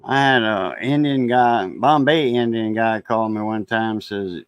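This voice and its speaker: A man's voice: fairly low pitch, unhurried, few pauses, clean tone, dry recording, muffled recording. A man hosting a casual live stream, rambling loosely through stories and chat.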